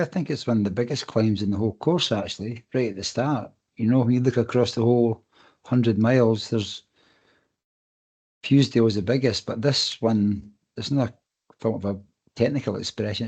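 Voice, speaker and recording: A relaxed man, talking at an average pitch. He tells stories casually on a podcast and swears now and then. His tone stays easygoing throughout. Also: brisk, husky. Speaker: podcast co-host and race runner.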